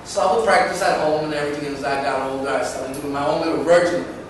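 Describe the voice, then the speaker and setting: A man in his thirties with a fairly high voice tells his story casually and with energy, often stopping to restart a thought. He sounds far from the mic in a very echoey space, with clear background noise. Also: quick pace. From Manhattan, New York. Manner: animated, acts out quoted voices, rambling restarts. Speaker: dancer being interviewed. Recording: echoey, distant and noisy.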